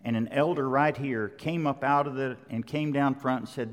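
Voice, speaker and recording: A man's voice: medium pitch, moderate pace, few pauses. A middle-aged man preaching a sermon, conversational yet emphatic, driving points home with repetition. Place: large church sanctuary. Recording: long hall reverb.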